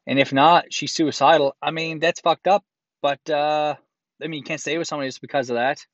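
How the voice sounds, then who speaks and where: A man's voice: fairly high pitch, steady tone, brisk, no echo, lo-fi sound. A man reads a listener's letter aloud and breaks in with crude, profane, sarcastic comments. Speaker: host reading a listener's letter.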